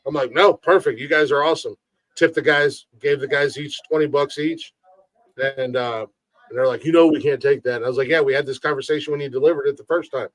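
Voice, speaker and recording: A man's voice: a little high, steady tone, quick pace, dry recording. A man hosting a casual livestream chat, telling a long rambling story and often repeating his words. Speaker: podcast host.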